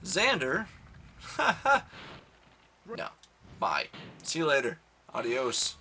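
Young man, bright voice, rambling let's play commentary, self-mocking, faint game music behind. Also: medium pitch, expressive, unhurried. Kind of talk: casual gameplay commentary.

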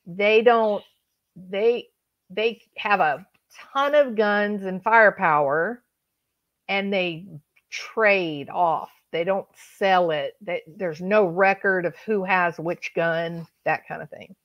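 Slow-talking woman streamer. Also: mid-range voice, no echo, highs cut off. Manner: chatty, joking, talks to viewers. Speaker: livestream host. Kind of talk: casual chat.

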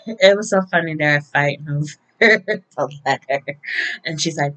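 A woman's voice: sits low, measured pace, long pauses, a bit bright, rough recording. A woman casually recapping a week of soap opera episodes, chatty and often laughing, with occasional swearing.

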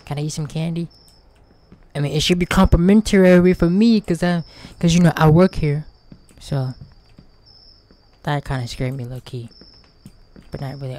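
A man's voice: a little high, unhurried, long pauses, a little mellow. A man hosting a gaming channel, giving casual, slangy let's play commentary.

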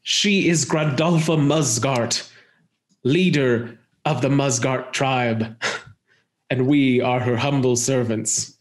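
A man's voice: medium pitch, slow pace, close to an everyday voice. A humble duergar servant, voiced by a man in a tabletop game speaks formally and submissively, introducing his mistress. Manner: formal, subservient.

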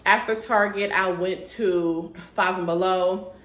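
A woman in her 20s, a vlogger, chats casually from home about her shopping haul, speaking straight to viewers and getting sidetracked. Her lowish, slightly bright voice stays steady and unhurried. The indoor room sounds echoey, with faint noise.

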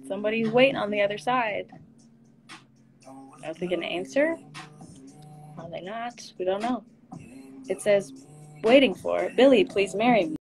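A young woman hosting a casual livestream, soft-spoken and laid-back, giggling now and then as she chats into her phone. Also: medium pitch, normal speed, gravelly, long pauses, soft background music. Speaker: livestream host. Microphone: phone held close.

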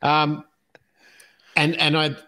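An Australian man in his fifties, a podcast guest telling his life story in an unhurried way, with plenty of ums and uhs and easy chuckles. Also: a little high, monotone, pushed and bright. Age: 50s. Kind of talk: casual storytelling interview.

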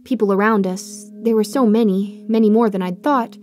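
Mellow-voiced woman narrating a horror story. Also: mid-range voice, steady tone, moderate pace, soft background music.

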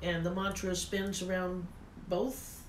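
A woman's voice: on the low side, level tone, slow. A woman moderating questions for a teacher, asking hesitantly with fillers. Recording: echoey room with background noise.

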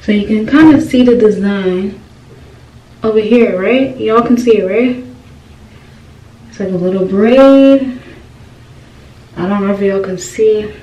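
Her medium-pitched voice is mellow and unhurried, with long pauses, and the recording sounds muffled, roomy and distant with faint noise. The young beauty vlogger chats through a casual hair tutorial, forever checking in with viewers through "y'all" questions.

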